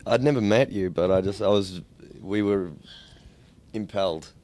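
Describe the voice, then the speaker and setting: A man's voice: fairly low pitch, normal speed, dark tone, a little hiss or hum. An Australian man in a band, answering interview questions with dry, rambling jokes. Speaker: band member. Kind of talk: casual interview.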